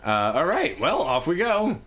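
A man's voice: on the high side, huge pitch swings, measured pace, a bit bright. A man hosting a casual let's-play, joking and laughing often with his co-player. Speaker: gaming channel host.

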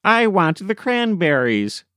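A man voicing an excitable young male college student who exclaims. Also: medium pitch, slow, no room sound, clean studio sound, exaggerated voice. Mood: excited.

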